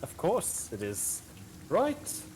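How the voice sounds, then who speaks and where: A man's voice: on the high side, huge pitch swings, slow pace, darkish tone, voice pushed up, full character voice. Guy putting on a smug fey deal-maker, grand and teasing, swoops around a lot, bit of hiss behind. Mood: sly. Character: sly fey bargainer offering deals, playful and smug.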